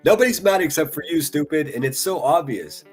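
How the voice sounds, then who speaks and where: A man's voice: a little high, animated, a little fast, slightly rough, soft background music. Foul-mouthed mocking man streamer. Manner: profane, taunting, laughs often. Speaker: livestream commentator. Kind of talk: mocking live-stream commentary.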